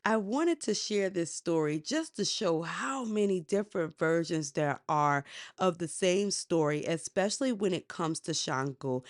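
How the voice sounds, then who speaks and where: A woman podcast host retelling myths in a casual, slangy, conversational way. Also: on the low side. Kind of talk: casual storytelling lecture.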